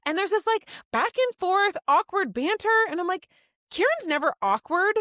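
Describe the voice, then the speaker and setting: A woman's voice: extremely high pitch, sing-song, a little fast, a bit bright, no room sound, clean studio sound. A woman co-hosting a book podcast, reading out her notes and acting out the characters' lines in a casual chat. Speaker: podcast co-host.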